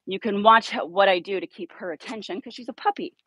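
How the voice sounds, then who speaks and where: A woman's voice: medium pitch, fast talker, fairly bright tone, husky, dry recording, poor audio. A woman dog trainer explaining outdoor leash training in a direct, blunt way, working with a puppy in a yard. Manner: direct, blunt coaching with upbeat praise to dogs.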